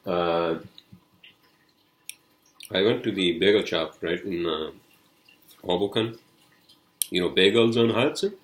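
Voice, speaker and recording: A man with a non-native accent hosts a loose solo podcast, wandering through everyday stories. He swears freely and leans on "you know" in nearly every sentence. His voice sits very low, and the recording has a noticeable roomy echo. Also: takes it slowly, long pauses. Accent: non-native accent, unnamed. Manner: rambling, swears a lot, constant "you know". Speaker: podcast host. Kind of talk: casual solo podcast chat.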